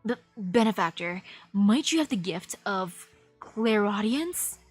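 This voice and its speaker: A woman's voice: medium pitch, expressive, takes it slowly, slightly rough, no echo, soft background music, voice pushed down. A woman voicing a refined, vain young man who speaks in a formal, old-fashioned way while holding a fan. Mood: courtly.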